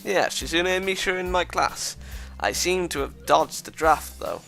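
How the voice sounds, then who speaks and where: A man's voice: high-pitched, expressive, normal speed, gravelly, a bit bright, faint music behind, voice pushed up, full character voice. Welsh man reading a dry, skeptical student.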